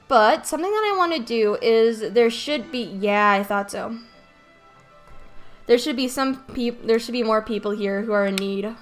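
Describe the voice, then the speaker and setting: A woman casually commentating her own let's play, relaxed and chatty over faint game music. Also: on the high side. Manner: relaxed, chatty, hesitant with fillers.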